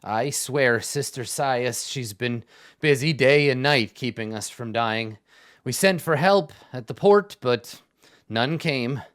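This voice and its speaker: A grumpy, sarcastic dwarf soldier, as a man puts him on for a tabletop game. He talks gruffly and sounds worn out. His voice stays close to the player's own everyday voice. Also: mid-range voice, slow pace, fairly bright tone. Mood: weary. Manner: gruff, weary, sighing, sarcastic. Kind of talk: tabletop role-play voicing.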